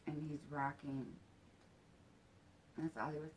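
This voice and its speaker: A woman telling a personal story in a halting, soft-spoken way, with casual swearing. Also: low-pitched, fairly even intonation, slight background noise.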